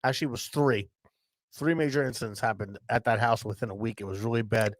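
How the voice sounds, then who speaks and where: With a mid-range voice and a quick pace, a man co-hosting a podcast rambles through a casual story, swearing and saying "bro" nonstop. It's a dry recording.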